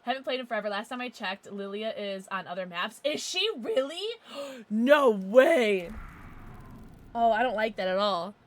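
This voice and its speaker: A woman streaming a game, chatting casually and excitably with quick exclamations, swearing and laughing often. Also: medium pitch. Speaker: livestreamer. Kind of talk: casual gameplay commentary.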